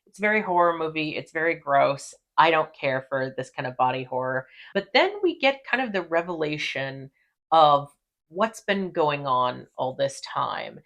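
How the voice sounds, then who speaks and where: A woman hosting a casual recap chat, animated and profane, laughing often. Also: low-pitched, vocal fry. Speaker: podcast host.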